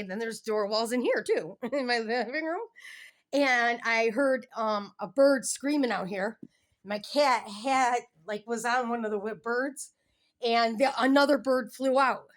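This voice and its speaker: Giggly rambling middle-aged woman vlogging at home. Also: on the high side. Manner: meandering, giggly, chatty with tangents. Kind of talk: casual rambling home vlog. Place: at home, indoors. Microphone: handheld phone camera filming the room, face off screen.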